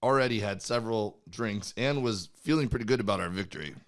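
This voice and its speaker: A man's voice: on the low side, fast talker. A man from Miami co-hosting a comedy podcast, telling a story at length in casual chat and acting out both sides of the conversation. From Miami, USA. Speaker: comedian co-host.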